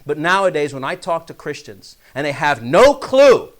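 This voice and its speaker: A man teaching a radio Bible study, reading scripture with building emphasis and dropping low for asides. He comes across as earnest and is openly riled up. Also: very animated, moderate pace. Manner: reads verses with rising emphasis, then drops to a low aside to explain.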